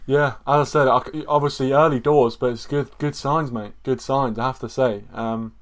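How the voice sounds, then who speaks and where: English bloke co-hosting a footy stream, stutters a lot, says mate every other line, repeats himself. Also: male voice, mid-range voice, steady tone, normal speed. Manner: stammers on restarts, says mate a lot, repeats his points. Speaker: football podcast co-host. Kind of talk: casual live-stream chat.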